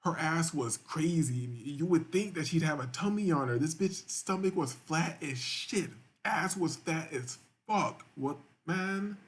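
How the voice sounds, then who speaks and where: A man's voice: a little high, lively intonation, unhurried, few pauses. A man hosting a live-stream show, reading viewer chats aloud and reacting in crude, rambling, repetitive casual talk.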